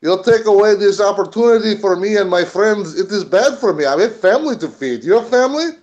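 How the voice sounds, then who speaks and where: A man's voice: high-pitched, expressive, brisk, darkish tone, highs cut off, voice pushed up. A man voicing a poor male Russian laborer in a put-on Russian accent, speaking in broken grammar as he begs his way past a guard. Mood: pleading. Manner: broken grammar, begging then demanding.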